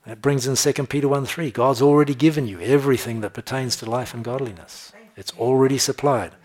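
A man's voice: medium pitch, steady tone. Emphatic male preacher reading scripture. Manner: emphatic scripture reading with slowed stressed phrases; conversational asides with soft laughs. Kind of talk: sermon.

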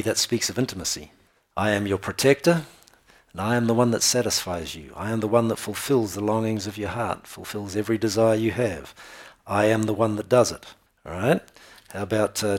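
A man preaching a sermon, reading Bible verses aloud and explaining them in plain, conversational asides. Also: fairly low pitch. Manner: reads verses louder and slower, then explains in plain asides.

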